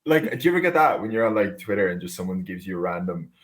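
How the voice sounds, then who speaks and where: Cork Irish man, lower voice, chatty. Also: sing-song, fast talker. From West Cork, Ireland. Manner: chatty, laughs often, says "like" a lot. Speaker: musician guest. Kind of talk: casual podcast chat.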